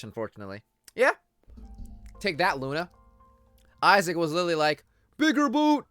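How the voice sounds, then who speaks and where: Young man, streamer, bright forceful voice, joking and rambling, faint game music. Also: a little high. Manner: joking, rambling, reads game dialogue aloud. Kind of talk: casual live-stream commentary.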